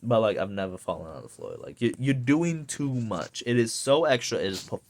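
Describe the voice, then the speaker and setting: A man's voice: mid-range voice, very animated, moderate pace, a little mellow. A young man ranting casually to camera, rambling and swearing with lots of fillers. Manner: profane, rambling, many fillers. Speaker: vlogger.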